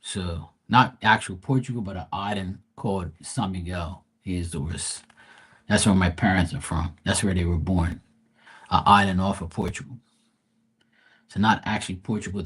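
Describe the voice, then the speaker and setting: A Bermudian man with a fairly low voice, hosting a live tarot stream. He rambles in easy, chatty asides to his viewers and swears freely. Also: moderate pace, fairly bright tone, slightly rough, poor audio. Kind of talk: casual live-stream chat.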